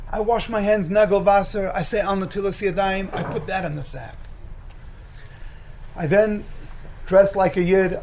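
High-voiced man giving an animated sermon. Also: low-quality recording. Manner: animated, acts out dialogue, repeats phrases for emphasis. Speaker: rabbi. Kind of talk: sermon with storytelling.

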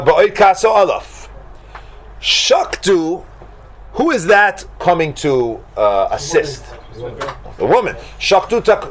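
A man teaching a Talmud class to students, asking them question after question in an animated way. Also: on the high side. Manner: animated, questioning, mixes Hebrew and Aramaic terms.

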